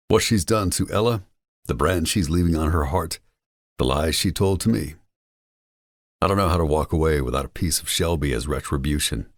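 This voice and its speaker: Very deep-voiced man, brooding narration. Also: dry recording, studio quality. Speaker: audiobook narrator. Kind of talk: first-person romance narration.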